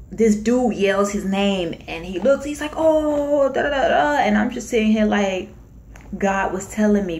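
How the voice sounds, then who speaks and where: A woman's voice: mid-range voice, slight background noise. A young woman from Florida telling a personal story to the camera in a casual, chatty way, acting out what people said. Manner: chatty, animated retelling with acted-out quotes. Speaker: vlogger.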